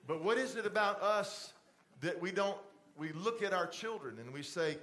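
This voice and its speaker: Middle-aged pastor with a higher voice. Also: male voice, expressive, normal speed. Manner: conversational preaching, drops to a soft fatherly voice for asides. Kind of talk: sermon. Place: church stage with TV lights.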